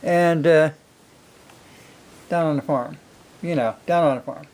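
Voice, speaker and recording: Older guy, kinda high voice, rambling folksy stories about raising his kids, lots of uhs. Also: measured pace, darkish tone. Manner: rambling, folksy, many fillers. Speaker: single father telling stories. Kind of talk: casual storytelling.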